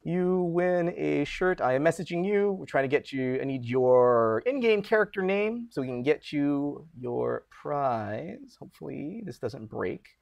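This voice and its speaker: Lively-voiced man hosting a live stream. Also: fairly high pitch, unhurried, creaky, few pauses. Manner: chatty, reads out names. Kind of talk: casual live-stream chat.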